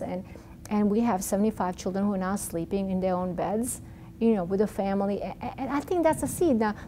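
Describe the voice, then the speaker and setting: A woman's voice: mid-range voice, a little hiss or hum. A middle-aged woman with a Yugoslav accent, a doctor guesting on an interview show, telling a personal story and acting out the dialogue with many restarts. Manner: animated storyteller who acts out dialogue, frequent restarts.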